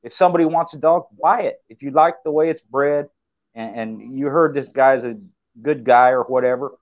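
A man's voice: medium pitch, fairly even intonation, moderate pace, dull audio. Laid-back man talking loosely. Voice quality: laid-back, rambling with many fillers. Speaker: podcast co-host. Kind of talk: casual chat.

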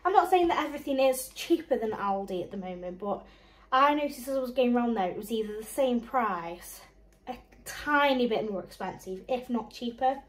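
A woman's voice: a little high, animated, moderate pace, low-quality recording. A young woman and mum chatting casually through a shopping haul, rambling along and listing prices with small laughs. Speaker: mum and vlogger.

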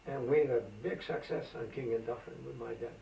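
An elderly man in his eighties, from Macedonia, reminisces in an oral history interview, wandering from one story to the next with lots of fillers. His voice is gravelly and sits at an ordinary pitch. It was caught from a distance in a roomy, echoey space with a faint hiss underneath. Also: fast talker, muffled recording. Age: 80s. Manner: rambling, anecdotal, with frequent fillers. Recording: roomy amateur tape, voice from a distance.

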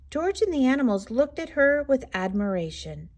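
A woman reading a children's picture book aloud with expressive, unhurried storytelling. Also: high voice. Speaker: storybook reader.

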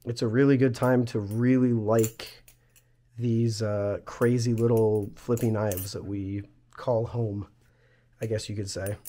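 A man hosting his channel, still hoarse from losing his voice, rambling through a casual news roundup with plenty of fillers. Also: fairly low pitch, flat delivery, measured pace, dark tone, a little hiss or hum. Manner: rambling, chatty, with frequent fillers. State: hoarse, recovering from lost voice. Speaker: channel host.

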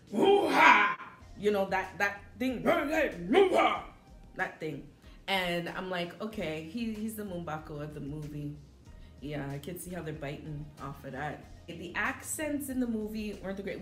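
A woman at a medium pitch talks through a movie review in a loose, animated way, often pausing on fillers and correcting herself. Her voice rings around a roomy, echoey space. Faint music plays behind her. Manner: animated and chatty, with frequent fillers and self-corrections. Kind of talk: casual spoken movie review.

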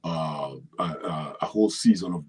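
This middle-aged Kenyan-accented actor and writer answers interview questions loosely, rambling with many restarts and livening up during stories. His voice sits low and husky at normal speed, in a low-quality recording of a relaxed chat.

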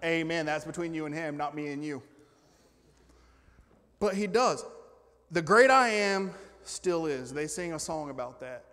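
A man preaching a sermon in a slightly high voice. He climbs into loud, excited bursts and then drops to quiet, wry asides. A long church reverb hangs on every line. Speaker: pastor. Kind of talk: energetic sermon. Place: church sanctuary.

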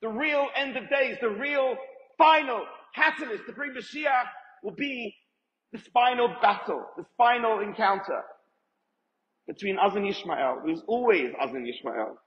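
A man's voice: sits high, expressive, normal speed, a bit bright. Emphatic male rabbi in an echoey hall. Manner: emphatic, asks the audience questions. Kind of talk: Torah lecture to a live audience. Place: event hall with audience. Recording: echoey hall, dull lo-fi sound.

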